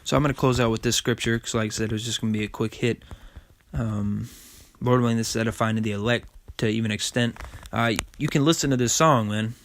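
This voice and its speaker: A man's voice: mid-range voice, fairly even intonation, quick pace. A man giving an informal sermon, reading scripture aloud and checking in with "okay?" and "man" after each point. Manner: casual, repeats "okay?" and "man"; reads scripture aloud, stumbling on words. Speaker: preacher.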